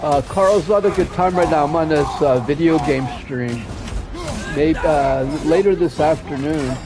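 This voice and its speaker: A man's voice: fairly high pitch, a little slow. A man streaming a video game, rambling and aggrieved in casual chat, swearing constantly and trailing off mid-sentence. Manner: restless and aggrieved, trails off and restarts.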